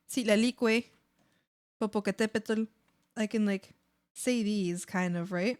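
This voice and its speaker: A woman streaming live, chatting casually with her viewers while she draws. She talks in a rambling way, full of fillers, self-deprecating and quick to get excited. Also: mid-range voice, clear, resonant tone. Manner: excitable, bursts into giggles.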